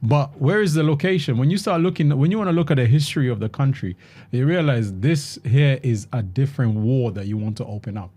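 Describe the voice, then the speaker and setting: A man talking casually in a group discussion, animated, often repeating and restarting words. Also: medium pitch, fairly quick. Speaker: host. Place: London.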